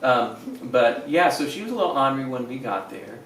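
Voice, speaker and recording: Male storyteller, casual and rambling, middle pitch; echoey room, distant mic. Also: lively intonation, brisk, a bit bright, a little hiss or hum. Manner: rambling, repeats words, acts out quotes. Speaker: husband telling how the couple met. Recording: roomy echo, distant mic.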